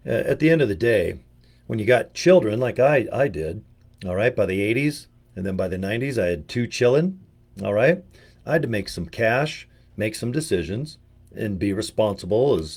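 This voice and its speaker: A man's voice: lowish voice, lively intonation, normal speed, gravelly, darkish tone, breathy edge. An older man from the US giving a rambling, joking casual monologue as a video presenter, full of slang and asides. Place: home in Utah.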